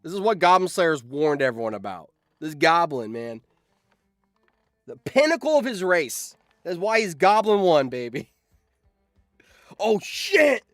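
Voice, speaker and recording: A man streaming live, reacting excitedly and yelling in surprise on a close mic. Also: a little high, moderate pace, no echo, faint music behind. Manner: excitable, yells in surprise, laughs often.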